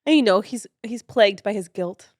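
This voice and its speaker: An American woman co-hosting a podcast, chatting in a relaxed way with plenty of quick agreement. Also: mid-range voice, dry recording, studio quality. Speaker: podcast co-host. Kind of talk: casual chat.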